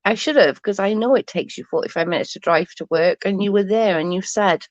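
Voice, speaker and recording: A woman's voice: medium pitch, brisk, no room sound, muffled recording. Woman chatting and swearing on a dry livestream. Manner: chatty, rambling and swears freely. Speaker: livestream host chatting with viewers. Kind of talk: casual late-night livestream chat. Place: in bed at home at night.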